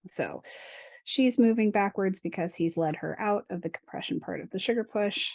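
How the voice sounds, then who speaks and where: A dance instructor co-hosting a podcast explains partner technique in casual chat, laughing often and adding playful asides. Her voice is medium-pitched, creaky and a little mellow, at a moderate pace. The recording is dry.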